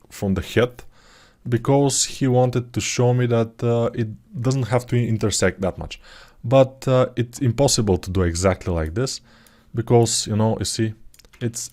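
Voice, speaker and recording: A man talking through his 3D sculpting work in a live tutorial, thinking aloud in a relaxed, self-deprecating way, with typing heard behind him. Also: mid-range voice. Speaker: 3D artist tutor.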